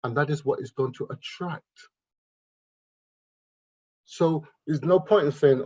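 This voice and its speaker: A man with a husky, slightly breathy voice lectures on mindset in an emphatic, repetitive way. His pitch sits in an ordinary middle range. The recording sounds dull and lo-fi. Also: moderate pace, pauses often, darkish tone. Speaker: wealth mindset vlogger. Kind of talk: motivational monologue.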